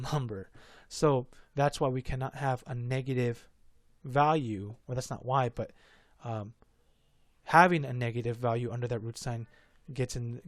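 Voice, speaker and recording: A man's voice: medium pitch, no echo. A man explaining math in a casual lesson, rambling and stuttering, often correcting himself. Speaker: math tutor.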